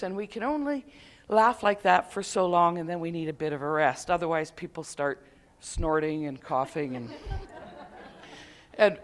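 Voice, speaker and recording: This is a laughter yoga class at a conference, led by a woman whose voice sits fairly low. She keeps things playful, breaking into laughter quickly as she chants and shouts out to the live group.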